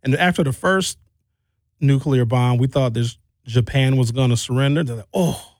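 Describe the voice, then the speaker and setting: A man from Wisconsin doing a stand-up comedy rant, animated with sarcastic asides. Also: mid-range voice, moderate pace, no room sound. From Wisconsin, USA.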